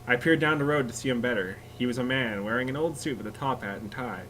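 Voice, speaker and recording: A man's voice: medium pitch, fast, fairly bright tone, a little hiss or hum, rough recording. A man reading a scary story aloud to friends, often laughing and stopping to joke about it. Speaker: story reader.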